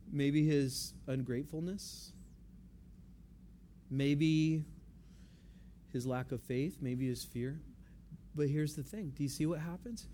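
A man with a fairly high voice preaches a sermon in a relaxed, conversational way. He repeats key phrases to drive his points home. A faint hiss of room noise sits behind him. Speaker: pastor.

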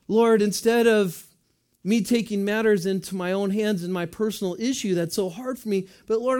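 High-voiced man preaching a conversational sermon. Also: normal speed, a little mellow. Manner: conversational, asks the congregation questions and answers in voiced asides. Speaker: pastor.

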